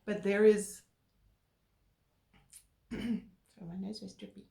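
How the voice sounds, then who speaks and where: A woman co-hosting a relationship talk, explaining calmly and earnestly with filler words. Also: mid-range voice, takes it slowly, vocal fry. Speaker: co-host. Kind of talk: casual chat. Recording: roomy echo.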